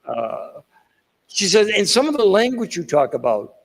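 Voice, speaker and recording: Older man with a Boston accent, gravelly and a bit husky, who digresses through stories at a keynote. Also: high voice, sing-song, slow pace, low-quality recording. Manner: digressive storyteller with asides and self-deprecating jokes. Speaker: keynote speaker. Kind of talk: rambling motivational speech. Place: conference hall.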